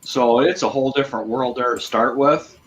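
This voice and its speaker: A man's voice: mid-range voice, fairly quick. A man from Michigan's Upper Peninsula hosting a casual chat, telling easygoing stories with repeated phrases. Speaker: host. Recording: dull lo-fi audio.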